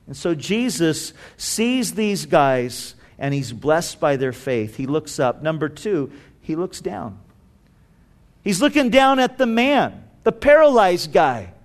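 A male pastor delivers a sermon in a high-pitched voice. He tells the story with animation and briefly acts out the people in it, often repeating words and restarting his sentences. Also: sing-song, slow pace. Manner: frequent word repetitions and restarts.

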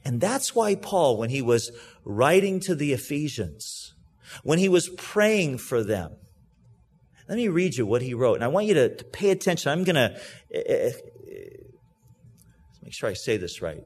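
A man preaching a sermon as a pastor, explaining scripture earnestly and emphatically, pressing some words loudly and dropping others to a hush. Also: medium pitch, sing-song, moderate pace, husky. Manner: earnest, emphatic, swings between loud stresses and hushed asides; explains and reads scripture aloud to a congregation.

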